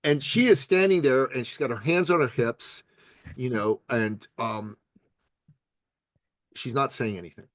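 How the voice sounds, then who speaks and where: Older male podcast guest, animated storyteller who acts out quotes; mid pitch, dry close recording. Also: unhurried, pauses often, dry recording. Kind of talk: storytelling in a conversation.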